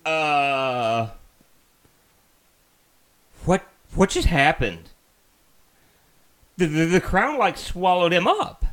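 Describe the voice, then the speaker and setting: A man's voice: a little high, lively intonation, very slow, long pauses, fairly bright tone. A man streaming a video game, chatting casually and mocking himself as he thinks aloud. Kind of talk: casual let's-play commentary.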